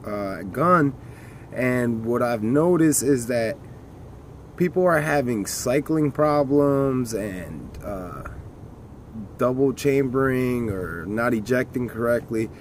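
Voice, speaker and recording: A man's voice: mid-range voice, animated, takes it slowly, slight background noise. A man casually talking through a handgun demonstration outdoors in the cold, rambling with folksy jokes and asides. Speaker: gun video host.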